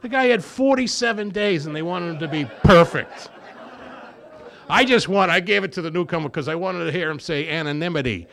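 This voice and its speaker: Gravelly man sharing his recovery story. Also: fairly high pitch, fairly quick. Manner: rambling, with many repeated restarts; animated storyteller. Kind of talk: recovery meeting share.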